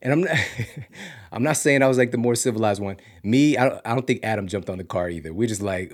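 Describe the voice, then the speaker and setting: A man from Missouri hosting a podcast, telling a story casually with big swings from loud to hushed. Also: fairly low pitch, expressive, fairly quick. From Missouri, USA. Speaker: podcast host.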